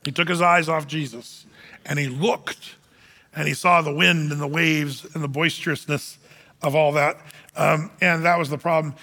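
An animated man preaching to a gathering, his high voice bright and forceful as he acts out the people in his story. The sound rings with the long reverb of a large hall. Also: normal speed. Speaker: men's group speaker. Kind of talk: sermon.

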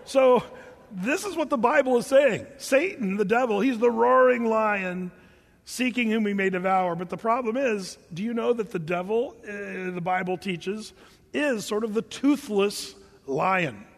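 A man's voice: sits high, lively intonation, measured pace, gravelly, big-room sound. An older man preaching a sermon, telling stories with humor and sound effects. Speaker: pastor.

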